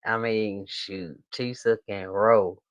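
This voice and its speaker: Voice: low voice, steady tone, no room sound, lo-fi sound. A host of a reaction channel, joking in a loose, casual way and talking straight to the viewers. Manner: slow, drawling and joking, talks straight to viewers.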